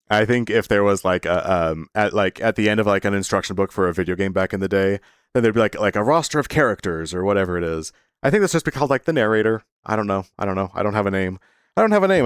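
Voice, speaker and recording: A man rambles through a casual storytime monologue, full of fillers and sudden bursts of higher pitch. He teases his listeners playfully. His voice is low and smooth, recorded dry and close. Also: no echo. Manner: playfully teasing toward listeners. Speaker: vlogger.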